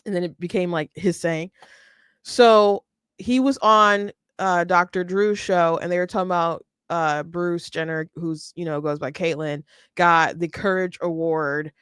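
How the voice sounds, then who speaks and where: A woman's voice: fairly low pitch, steady tone, measured pace, fairly bright tone, clean tone, no room sound, studio quality. A woman hosting a casual political commentary stream, chatty, with many restarts and frequent laughter. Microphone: close mic, streaming setup.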